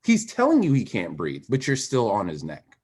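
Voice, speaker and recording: A man who is a former Olympic swimmer, a podcast guest telling a personal story in a candid and emphatic way, dropping quiet and then rising. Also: lowish voice, normal speed, slightly rough. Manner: animated, emphatic, swings between quiet and raised.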